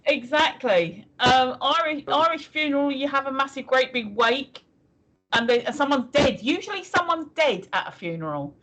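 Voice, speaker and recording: A woman's voice: high voice, animated, normal speed, fairly bright tone. A woman co-hosting a livestream in casual chat, chatty and giggly, reading viewer messages aloud. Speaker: co-host of a livestream.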